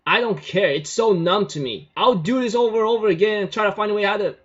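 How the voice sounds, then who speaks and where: A man voicing a desperate, stubborn young male scientist in a rushed, defiant way, on a dull lo-fi recording. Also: high-pitched, voice pushed up.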